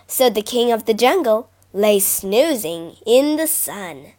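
A woman narrating children's fables in a lively, expressive storybook reading. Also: on the high side, takes it slowly.

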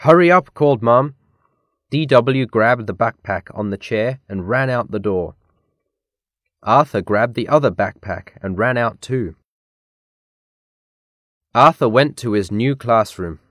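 A man reading a children's picture book aloud as narrator, slow and deliberate. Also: on the low side, fairly bright tone, no echo, clean studio sound.

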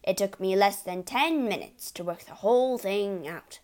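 A woman reading a storybook aloud, voicing a boastful, bullying middle-aged father who shouts. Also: medium pitch, normal speed, lightly acted.

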